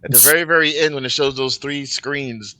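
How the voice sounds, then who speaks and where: A man co-hosting a music reaction video, chatting casually and giving candid opinions with animated questions. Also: mid-range voice, brisk, dry recording. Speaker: reaction channel co-host. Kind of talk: casual chat reacting to a song.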